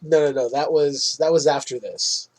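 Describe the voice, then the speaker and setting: Husky-voiced man recapping a film. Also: a little high, fairly even intonation, normal speed, darkish tone, poor audio. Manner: swears freely, laughs at his own jokes. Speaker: podcast host. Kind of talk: casual movie recap chat.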